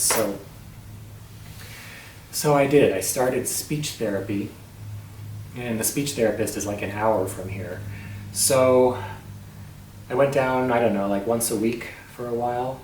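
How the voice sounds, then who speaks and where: A man speaks in a tight, strained voice that catches in his throat as he tells his story. He starts over often and clears his throat, and he sounds set back from the mic in an echoey room with a faint hiss behind him. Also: medium pitch, a little mellow, recorded from a distance. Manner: halting, with frequent restarts and throat clearing. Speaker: vlogger sharing his voice disorder. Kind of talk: personal vlog storytelling.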